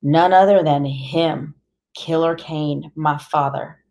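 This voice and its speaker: A woman's voice: deep voice, fairly even intonation, slow pace, warm tone. Woman reading a first-person audiobook. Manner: plain, conversational, as a teenage boy. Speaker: audiobook reader.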